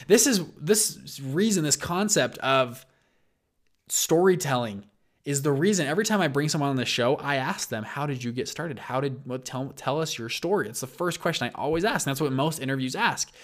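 A man's voice: medium pitch, normal speed. A man hosting a show, casually retelling stories and acting out the quoted lines. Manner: animated, acts out quoted lines, frequent restarts. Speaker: show host. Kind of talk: casual storytelling talk.

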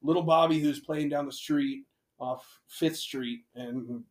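A man's voice: fairly high pitch, steady tone, unhurried. A man co-hosting a podcast, teasing his friends in crude, profane banter and laughing often. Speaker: podcast co-host. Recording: echoey room.

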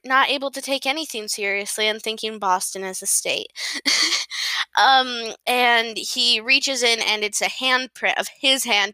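A woman hosting a podcast, recapping a novel in a casual, rambling way. She is giggly, self-deprecating and quick to apologize. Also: mid-range voice, sharp tone, smooth, no echo.

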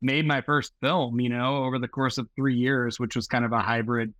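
A man's voice: mid-range voice, normal speed, dry recording. A man in his forties from Seattle, talking casually and at length as a filmmaker guest in an interview, with many fillers. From Seattle, USA. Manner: rambling, filler-heavy, relaxed. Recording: muffled lo-fi audio.

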